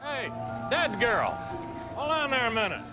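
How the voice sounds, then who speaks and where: Southern grim reaper boss, drawly, sarcastic, voice jumps around a lot, music under it. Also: male voice, very high-pitched, sing-song, measured pace, full character voice. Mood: wry. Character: wry middle-aged male grim reaper boss. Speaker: TV drama character.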